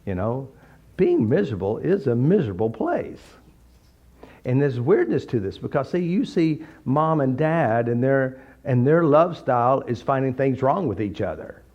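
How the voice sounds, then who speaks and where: A man giving an informal, blunt teaching talk full of jokes and animated stories. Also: medium pitch, moderate pace. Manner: blunt, joking, animated storytelling. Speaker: therapy method teacher. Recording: slightly dull recording.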